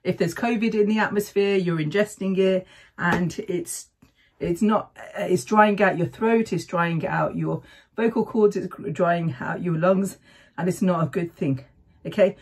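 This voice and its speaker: A woman's voice: lowish voice, a little slow, breathy edge. A middle-aged woman talking casually to camera, sharing breathing tips in a chatty way and often checking in with "okay?". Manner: chatty, keeps adding "okay?". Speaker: vlogger sharing health tips. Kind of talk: casual advice talk to camera.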